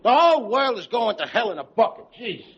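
An actor playing a blustering, old-fashioned working-class father in a sitcom, grumbling in rough everyday grammar. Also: very high-pitched, big pitch swings, brisk, fairly bright tone, exaggerated voice. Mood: grumbling, scoffing. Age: middle-aged. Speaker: father of the pregnant woman. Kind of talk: 1970s sitcom acting. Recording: dull noisy old TV audio, audience laughter.

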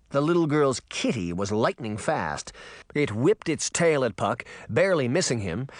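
A man narrating a children's fantasy novel in an expressive, dramatic audiobook style. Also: a little high, no room sound, studio quality.

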